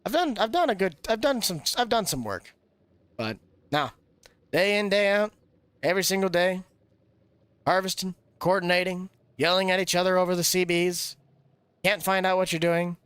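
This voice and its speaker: A man's voice: sits high, moderate pace, pauses often, a bit bright, clean tone, dry recording. A young man rambling and joking casually while live-streaming a farming game. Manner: rambling, jokey, laughs often. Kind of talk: casual gameplay chatter.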